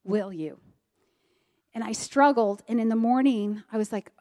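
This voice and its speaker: A middle-aged woman from Maryland giving an earnest personal testimony, swinging between loud and soft. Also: a little high, normal speed. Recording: long hall reverb.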